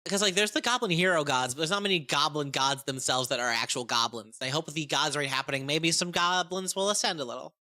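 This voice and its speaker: A woman chatting excitedly about a tabletop game, profane and rambling, often restarting her sentences. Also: sits low, quick pace, hardly any pauses. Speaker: game content creator. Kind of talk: casual tabletop game review.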